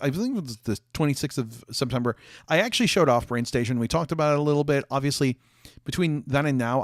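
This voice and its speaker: A young man talks off the cuff to his livestream audience, wandering through his thoughts with plenty of ums and restarts. His voice sits at an ordinary middle pitch and sounds close and dry, with almost no room behind it. He is a little hoarse, coughing and hiccuping now and then. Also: no echo. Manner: rambling, many fillers and restarts. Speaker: streamer chatting with viewers. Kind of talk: casual livestream chat. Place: office.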